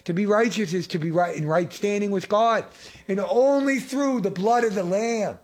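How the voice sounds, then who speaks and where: A middle-aged man preaching a fervent sermon, repeating phrases and swinging between loud and hushed. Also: sits high, moderate pace. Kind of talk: impassioned sermon.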